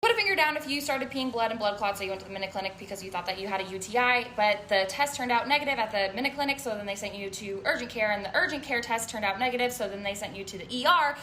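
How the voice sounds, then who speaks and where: A woman's voice: on the high side, expressive, very fast, hardly any pauses, bright, forceful tone. A woman in her twenties telling an emphatic, indignant story. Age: 20s. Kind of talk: casual storytelling. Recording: echoey room with faint noise.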